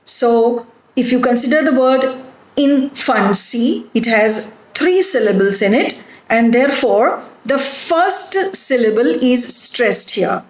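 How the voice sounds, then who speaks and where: A woman with an Indian English accent giving a recorded phonetics lecture, speaking deliberately and spelling out letters one by one. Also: fairly high pitch, expressive. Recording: echoey room.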